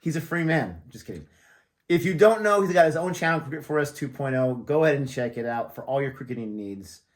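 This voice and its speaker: A man's voice: mid-range voice, expressive, a little fast. A man from the United States hosting a reaction channel, joking and chatting casually with a friend at that friend's house. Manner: jokey, chatty, laughs often. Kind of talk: casual chat.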